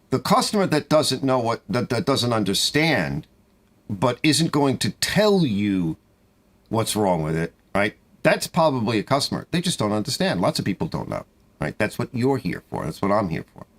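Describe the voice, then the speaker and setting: A middle-aged man rambles through complaints about customers, his mid-pitched voice swinging up and down a great deal. He talks casually from his repair garage, exasperated and chatty. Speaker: small-engine repair shop owner. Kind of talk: casual monologue to camera.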